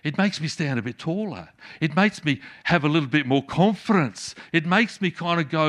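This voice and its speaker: A middle-aged man preaching a sermon, swinging from loud emphatic peaks to soft hushed endings. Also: on the high side, animated, moderate pace, hardly any pauses. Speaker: pastor.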